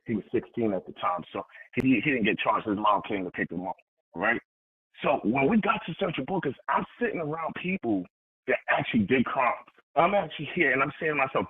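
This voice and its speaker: A young adult man, a motivational speaker telling a personal story in a lively, conversational way and acting out the voices in it. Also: medium pitch, fast, husky. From New York. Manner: animated, conversational, acts out quoted dialogue. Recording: tinny phone-like sound.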